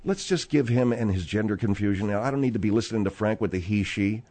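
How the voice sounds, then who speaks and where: A man's voice: on the low side, quick pace, darkish tone. A man in his sixties hosting a radio talk show, rambling and joking in a sardonic way with his co-hosts. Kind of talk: casual radio banter.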